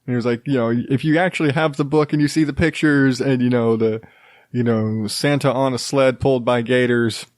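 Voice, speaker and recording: A man hosts his own podcast solo, rambling casually with plenty of fillers and restarts. His voice is medium-pitched, steady and brisk, recorded in studio quality with no room sound.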